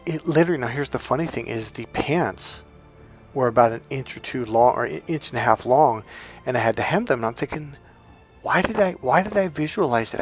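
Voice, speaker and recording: Guy with a gravelly voice, coach telling a story, animated, faint music behind. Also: mid-range voice. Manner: animated, acts out quoted voices with laughs. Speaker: life coach and energy healer. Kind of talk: storytelling monologue.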